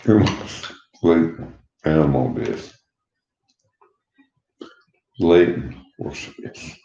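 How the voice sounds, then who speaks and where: Deep dark gravelly guy in his 60s, blunt n profane, dull echoey room. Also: lively intonation, takes it slowly, long pauses. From Canada. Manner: blunt, profane, laughs between remarks. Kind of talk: rambling personal monologue.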